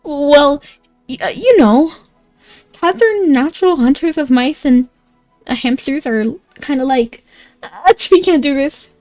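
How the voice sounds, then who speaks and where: A woman's voice: high-pitched, animated, unhurried, darkish tone, no room sound, faint music behind, pitched above the performer's own voice. A woman voicing a brave but easily scared male hamster knight who talks about himself in the third person. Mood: nervous.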